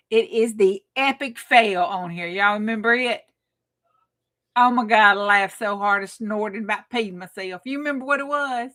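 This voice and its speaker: Bright, folksy woman hosting a live craft stream. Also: mid-range voice. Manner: folksy, bawdy and laughing, greeting viewers by name. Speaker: host of a late-night crafting live stream. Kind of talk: casual live-stream chat.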